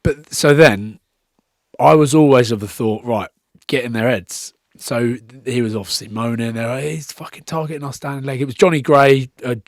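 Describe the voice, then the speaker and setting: A former rugby player from Scotland is a guest on a podcast, telling stories in casual chat with free-flowing swearing and impressions of the people he quotes. His mid-range voice moves at normal speed, recorded with clean studio sound and no room sound.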